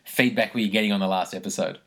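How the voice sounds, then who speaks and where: A man's voice: fairly low pitch, racing. A man hosting a casual podcast, laughing often between lines. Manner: laughs often, lively delivery. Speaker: podcast host.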